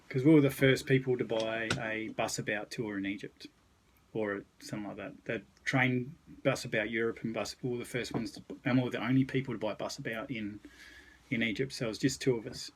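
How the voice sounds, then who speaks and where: An Australian man in the middle of his register, spinning travel yarns in a relaxed, rambling way. He swears lightly and keeps a casual, unhurried storytelling flow. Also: mid-range voice, a little hiss or hum, rough recording. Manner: laid-back, rambling anecdotes with mild swearing. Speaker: podcast guest.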